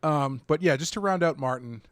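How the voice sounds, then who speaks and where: A man's voice: on the high side, fairly quick, smooth, no echo. Man co-hosting a casual movie podcast. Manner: rambling, many fillers and restarts. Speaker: podcast co-host.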